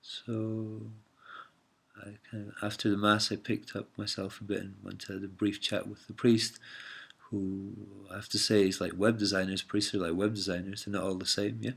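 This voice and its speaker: A man with a lowish voice and a gravelly edge tells a story in a loose, rambling way. He hesitates often, trails off, and keeps calling the listener mate or man. His tone has a husky grain to it. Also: flat delivery, normal speed. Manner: meandering, hesitant, full of fillers, calls listener mate and man. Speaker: vlogger telling a personal story. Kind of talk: casual rambling monologue.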